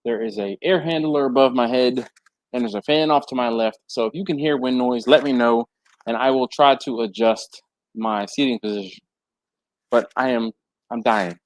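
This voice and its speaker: This livestream host speaks at a moderate pace, chatting from a hot garage at home where a fan and air handler run. Sweaty and warm, he reads comments aloud, laughs a lot, and his pitch swings lively; the recording carries no room sound.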